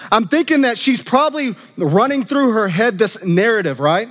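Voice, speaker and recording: A man preaching an animated, conversational sermon as a student minister, acting out quoted voices. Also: high-pitched, moderate pace, hardly any pauses. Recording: long reverb of a church hall.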